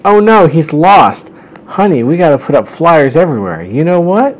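A man voicing a bumbling, flustered monster king who is also a father, in an excited, rambling way. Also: on the high side, moderate pace, pitched above the performer's own voice, rough recording.

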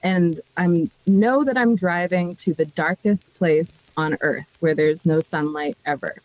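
A woman telling a personal story in casual podcast chat, animated and often laughing. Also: on the low side, unhurried, no room sound, rough recording.

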